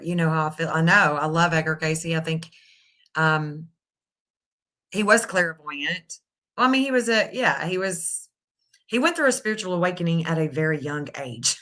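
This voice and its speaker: A woman's voice: low voice, sharp tone. A middle-aged woman hosting a casual live stream, thinking aloud and reading out searches as she goes. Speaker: live stream astrology reader.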